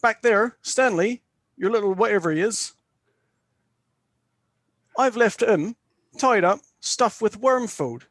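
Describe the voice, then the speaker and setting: Give me a sardonic warlock, voiced by a man, his pitch pushed well up, relishing every courteous threat in a tabletop adventure. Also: lively intonation, takes it slowly, pauses often, a bit bright, no room sound, clean studio sound, exaggerated voice. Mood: mocking menace. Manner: mocking, elaborately polite menace. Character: doom-haunted male warlock, sardonic and threatening.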